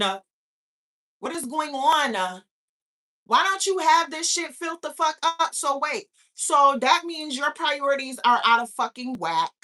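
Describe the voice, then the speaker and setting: High, bright-voiced woman ranting. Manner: profane, incredulous, rhetorical questions. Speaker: host of a live talk stream. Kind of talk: casual live-stream rant.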